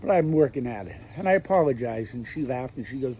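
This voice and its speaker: A man's voice: mid-range voice, animated, fast talker, mellow, slight background noise, low-quality recording. A middle-aged man talking candidly to camera in a rambling personal monologue while he walks around his backyard pool, using plain, blunt words. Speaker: vlogger.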